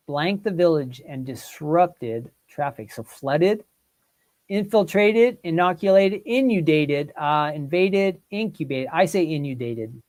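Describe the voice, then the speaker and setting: A livestream host with a fairly high pitch and darkish tone chats casually with viewers during a word quiz. He thinks through each question out loud and asks the chat for answers.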